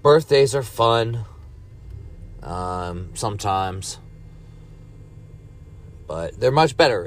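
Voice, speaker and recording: A man rambling casually while high, laid-back and profane, coughing now and then and breaking into ranting bursts. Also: expressive, extremely slow, pauses often. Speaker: cannabis vlogger. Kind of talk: casual stoned rambling monologue.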